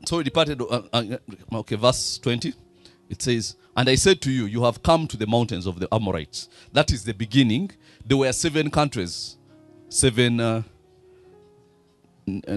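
A man's voice: mid-range voice, expressive, normal speed, long pauses, faint music behind. A man with a Ugandan accent preaching a sermon, throwing fill-in questions to the congregation. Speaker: pastor.

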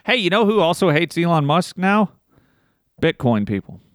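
A man co-hosting a podcast in casual chat, animated, swearing freely and laughing often. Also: on the high side, moderate pace, no echo, clean studio sound. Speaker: podcast co-host.

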